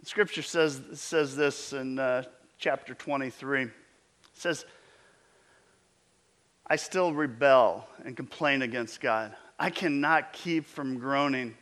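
Slow, bright-voiced male preacher. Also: mid-range voice. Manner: animated, emphatic preaching with repeated restarts. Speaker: pastor. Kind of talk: sermon.

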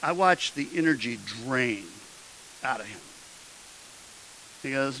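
Bright-voiced pastor telling a sermon story. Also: male voice, mid-range voice, animated, slow, pauses often, slight background noise, low-quality recording. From Midwestern United States. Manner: conversational with frequent restarts, rising to emphatic exhortation.

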